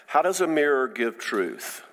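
A man of ordinary pitch gives an informal faith-based teaching talk as a counselor. He speaks conversationally and haltingly, often restarting his sentences. His voice rings with a long hall reverb. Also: sing-song, fairly bright tone.

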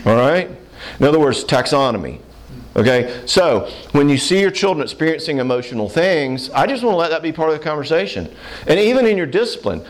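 A middle-aged man gives a casual seminar talk and answers questions from the audience. He tells stories with a lot of animation and slips into the voices of the people he quotes. His pitch rises and falls widely. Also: moderate pace. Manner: animated storyteller who acts out the people he quotes.

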